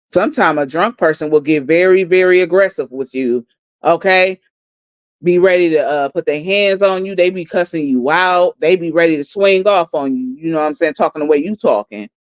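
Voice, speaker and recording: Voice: medium pitch, no room sound. Blunt, profane livestream storyteller. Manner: blunt and profane, repeating lines for emphasis. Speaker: livestream host. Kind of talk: heated storytelling recap.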